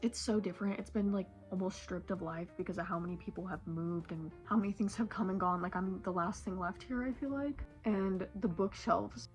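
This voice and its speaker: A woman's voice: mid-range voice, brisk, soft background music. A woman in her late teens talking in a casual, tearful vlog, rambling with lots of "like" fillers. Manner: emotional, rambling, many "like" fillers. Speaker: vlogger. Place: bedroom at home.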